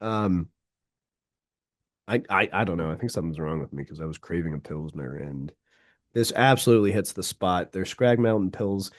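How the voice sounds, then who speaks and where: Laid-back low-voiced radio host, man. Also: expressive, moderate pace, no room sound, studio quality. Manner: enthusiastic, laid-back, says "like" often. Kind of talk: casual radio chat. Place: radio studio. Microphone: studio mic.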